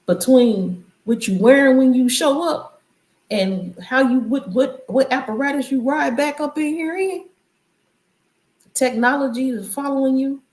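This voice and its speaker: A woman's voice: sits high, a little slow, a little mellow. Woman preaching casually in an echoey room. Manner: loose, conversational, preachy riffs. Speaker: channel host. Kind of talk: casual spiritual commentary.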